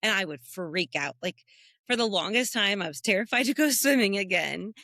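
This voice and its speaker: A woman from the United States, co-hosting a podcast, telling animated stories in a casual chat and jumping up high when she quotes people. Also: moderate pace, dry recording, studio quality. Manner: animated storyteller who jumps high when quoting people. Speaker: podcast co-host.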